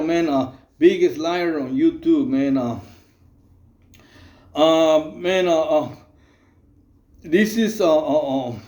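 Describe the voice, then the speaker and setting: A man's voice: fairly high pitch, dark tone. Streetwise man rambling in echoey room. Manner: rambling, loose and streetwise, many fillers and "man". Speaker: channel host. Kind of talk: casual monologue to camera.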